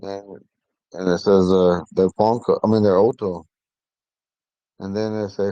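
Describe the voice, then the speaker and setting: A man teaching an online language class, talking in a relaxed, rambling way with many fillers. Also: on the low side, moderate pace, no echo, lo-fi sound. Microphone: phone.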